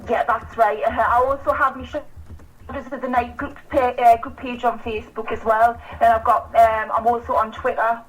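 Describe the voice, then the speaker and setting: Woman, Newcastle accent, high voice, chatty, laughs often. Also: little pitch movement, normal speed, low-quality recording. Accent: Newcastle (Geordie). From Newcastle, England. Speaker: guest, paranormal team founder. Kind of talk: casual chat over a phone line.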